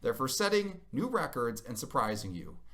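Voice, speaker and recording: A man's voice: mid-range voice, sing-song, normal speed, a bit bright. A man in his thirties telling a funny family story to camera in a wry, self-mocking, exaggerating way. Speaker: parent vlogger.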